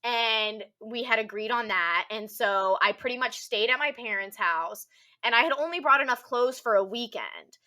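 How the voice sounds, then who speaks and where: A young woman telling a personal story on a podcast, rambling casually with constant "like" fillers and a soft, subdued delivery. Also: fairly high pitch, normal speed. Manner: rambling, heavy use of "like" filler.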